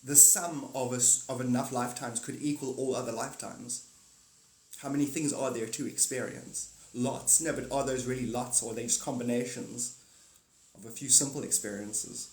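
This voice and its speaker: A man's voice: medium pitch, fairly even intonation, normal speed. A man streaming live, rambling through a spiritual monologue, laughing often and slipping into little acted-out skits. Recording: roomy echo.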